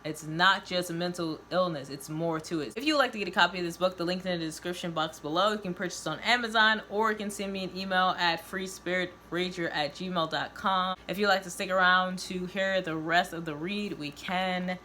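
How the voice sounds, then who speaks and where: A woman's voice: lowish voice, fairly quick, few pauses, a little hiss or hum. Woman reading a novel aloud. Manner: expressive, voices each character. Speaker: reader of her own novel.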